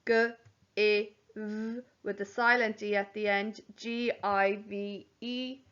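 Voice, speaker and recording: Slow, careful woman teacher. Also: medium pitch, flat delivery, fairly bright tone, clear, resonant tone. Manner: slow, spells words out letter by letter. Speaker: primary school teacher. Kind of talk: home learning spelling lesson. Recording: dull lo-fi home recording.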